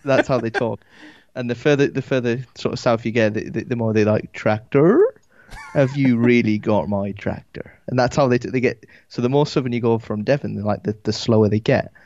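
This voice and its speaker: A man with a Geordie accent chatting casually on a podcast, halting with lots of restarts. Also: medium pitch, fairly even intonation, a little mellow, dry recording. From Newcastle area, England. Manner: halting, many restarts and fillers. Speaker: guest podcaster. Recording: dull, lo-fi sound.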